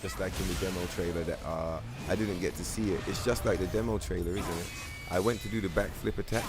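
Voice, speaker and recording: Man, London accent, very low voice, young adult, casual game-stream banter, slang and swearing. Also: steady tone, quick pace, over loud music. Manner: loose slangy banter, swearing, answering chat. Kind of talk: casual gaming stream chat.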